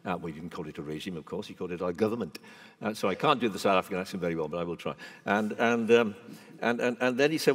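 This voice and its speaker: Deep-voiced older man in a reverberant hall. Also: lively intonation, quick pace, breathy edge. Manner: emphatic, forthright, with frequent restarts. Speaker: veteran broadcaster, guest. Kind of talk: live on-stage conversation. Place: large event hall before an audience.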